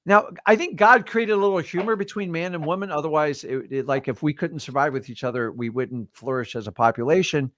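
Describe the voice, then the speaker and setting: A man's voice: fairly high pitch, fairly quick, few pauses, fairly bright tone, no echo. A man in his fifties hosting a livestream, giving casual motivational talk and addressing listeners directly in a preachy way. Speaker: livestream host.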